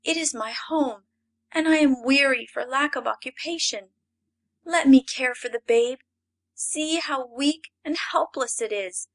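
A woman's voice: sits high, unhurried, voice pushed up. A woman voicing a bold young female nymph in a storybook reading, speaking in a raised, earnest tone. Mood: pleading.

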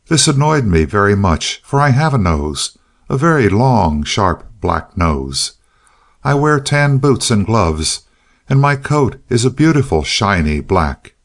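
Low-voiced man narrating a storybook, dry and sly. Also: very animated, unhurried, vocal fry. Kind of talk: storybook narration as the dog himself.

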